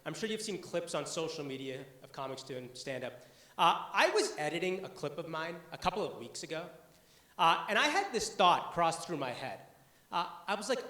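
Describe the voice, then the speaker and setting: A man's voice: a little high, big pitch swings, moderate pace, pushed and bright, echoey room. Chatty young man doing stand-up. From Boston area, USA. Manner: conversational, with frequent "uh" fillers. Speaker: stand-up comedian. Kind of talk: stand-up comedy set. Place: comedy club stage before an audience.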